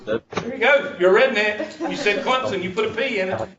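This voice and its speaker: A man's voice: high voice, fairly quick, vocal fry, distant mic. A man lecturing a math class, joking and teasing while he quizzes his students. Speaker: math instructor. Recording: echoey muffled room recording from afar with faint hiss.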